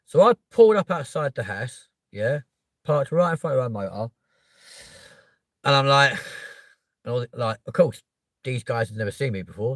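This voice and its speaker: Animated London man telling a story. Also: mid-range voice, dry recording, studio quality. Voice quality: swears freely, tags lines with "right?" and "yeah?". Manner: animated, voice jumps up when quoting himself. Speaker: podcast host. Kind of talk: casual storytelling.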